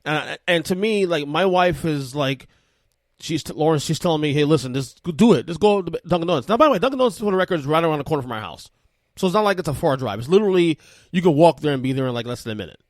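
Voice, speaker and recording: A man in his thirties hosting a solo podcast, telling a family story in a rambling, animated way with frequent restarts. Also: a little high, quick pace, no echo. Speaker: podcast host.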